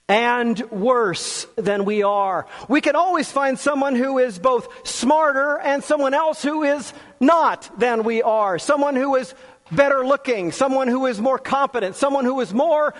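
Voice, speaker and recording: A man preaching a sermon, earnest and deliberate, often sinking to a soft, low voice on key words. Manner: slow, earnest, with long pauses and drops to a soft low voice. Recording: long hall reverb.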